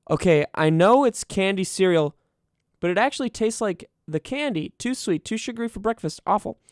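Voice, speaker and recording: A man's voice: high-pitched, animated, moderate pace, no echo, studio quality. A young man streaming and chatting casually, sarcastic and profane as he riffs on what he reads. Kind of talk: casual livestream commentary.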